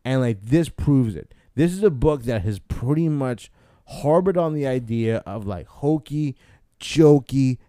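A man's voice: medium pitch, expressive, unhurried, mellow, smooth, no echo, studio quality. A man co-hosting a casual comic book podcast, retelling scenes animatedly and acting out the characters' lines. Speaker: podcast co-host.

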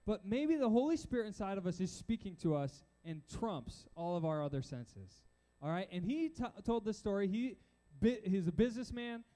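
A young man preaching to a crowd, telling stories with lively quoted voices. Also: high voice. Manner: animated storytelling with quoted voices. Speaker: youth pastor. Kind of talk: sermon. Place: church stage before a crowd.

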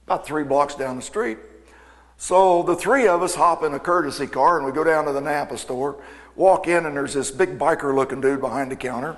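A man's voice: fairly high pitch, a little fast. Folksy man telling a story in a reverberant hall. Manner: folksy, animated anecdote-telling with quoted dialogue. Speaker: aircraft mechanic and speaker. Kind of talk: storytelling talk to an audience. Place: event hall.

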